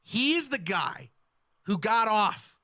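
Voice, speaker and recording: Bright, dry-voiced male hip-hop commentator. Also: high-pitched, big pitch swings, slow pace, no room sound. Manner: earnest, explanatory, quotes lyrics. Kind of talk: analytical commentary.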